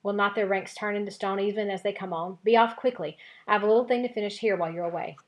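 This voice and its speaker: A cold, scornful witch queen gives orders, as a woman reading a novel aloud to her class puts her on. The voice sits a little higher and louder than her plain narration and stays commanding throughout. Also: fairly even intonation, fast talker, natural voice.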